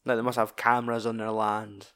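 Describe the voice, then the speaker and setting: A man's voice: lowish voice, little pitch movement, brisk, fairly bright tone, clean tone. A Scottish man in casual film-discussion chat, swearing freely as he retells scenes with animation.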